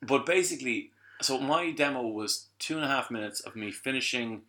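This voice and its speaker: A middle-aged Irish man, a voice actor and musician appearing as a podcast guest, tells a story in casual conversation. His medium-pitched voice is bright and forceful at a moderate pace, and he acts out the people he quotes.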